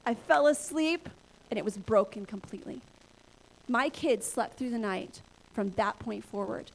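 Woman pastor in her thirties, bright high register, animated preacher who acts out her inner voices. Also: a little slow, vocal fry. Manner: lively personal storytelling, acts out her own inner voices. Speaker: pastor and church planter. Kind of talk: sermon storytelling.

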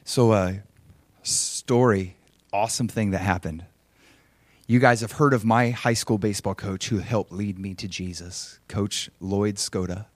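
A middle-aged man preaching a sermon as a pastor, swinging from impassioned exhortation to quiet personal storytelling. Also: on the low side, fairly even intonation, a little slow, dry recording.

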